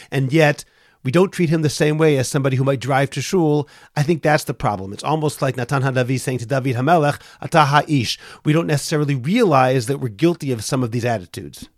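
A man's voice: on the high side, no room sound, clean studio sound. Earnest man telling a story on a podcast. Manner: earnest, storytelling with acted quotes. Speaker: podcast host. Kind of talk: conversational storytelling.

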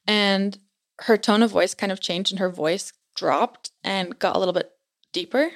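A woman's voice: mid-range voice, fairly even intonation, normal speed, creaky. A young woman guest on a podcast, casually telling a story and filling her speech with "like". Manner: chatty, fills speech with "like".

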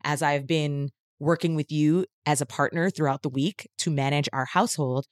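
A woman's voice: sits low, fairly even intonation, normal speed, dry recording, clean studio sound. A woman co-hosting a podcast in a casual chat, thoughtful and rambling, laughing easily. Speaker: podcast co-host, mother of two.

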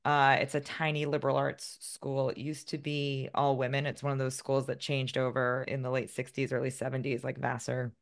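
A woman's voice: rumbling low, monotone, moderate pace, vocal fry, hardly any pauses. A woman in her forties, a guest author, chatting in an interview, self-deprecating and laughing often. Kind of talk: casual interview conversation.

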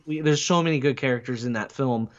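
A man co-hosting a podcast in casual, animated, skeptical banter. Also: medium pitch, quick pace, dull audio. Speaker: podcast co-host. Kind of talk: casual chat.

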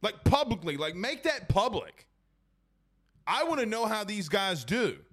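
A young man hosts a loose sports talk stream, and his voice sits high for a man. He rambles and rants with plenty of fillers, restarts and asides to the chat. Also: very animated, unhurried, a bit bright. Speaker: sports talk show host.

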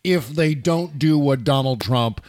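A man hosting a casual political talk show, chatty and quick to laugh, with a wry edge. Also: on the high side, a little mellow, no echo. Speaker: podcast host.

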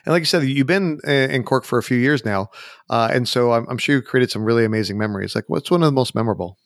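A man's voice: medium pitch, dry recording. Friendly male podcast host, dry sound. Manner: friendly, laughing along, quick questions. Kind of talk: casual interview hosting.

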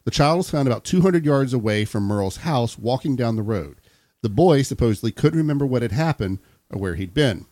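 A man reads a story aloud on a comedy podcast, his pitch swinging up and down as he goes. His voice is close and dry, with no room around it. He drops out of the reading now and then to trade jokes. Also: animated, fairly quick, darkish tone, no echo. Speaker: podcast host.

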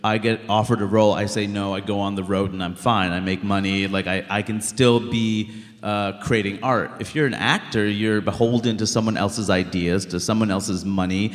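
A stand-up comedian in his thirties from Queens, New York, talks bluntly and animatedly in a live stage interview, peppering his speech with "like." His voice is fairly low and moderately paced, echoing through a reverberant live hall.

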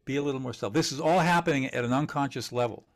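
A man teaching communication skills in an interview, emphatic and animated, laughing often and acting out quoted dialogue. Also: medium pitch, rapid-fire. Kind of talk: conversational interview.

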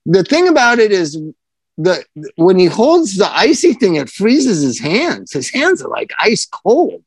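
A man in his thirties chatting casually as a podcast co-host, animated and swearing as he tells a story. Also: high-pitched, measured pace, slightly rough, no echo. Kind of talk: casual chat.

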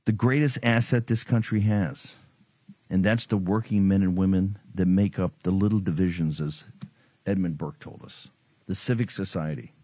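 A man's voice: low voice, normal speed, warm tone, no echo. A man hosting a political talk show, delivering a combative, taunting monologue full of sarcasm.

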